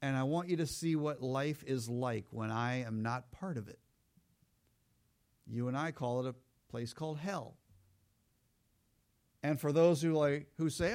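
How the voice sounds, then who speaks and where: Animated high-voiced male pastor preaching. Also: measured pace, pauses often. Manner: animated, acts out voices of people he quotes. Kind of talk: sermon.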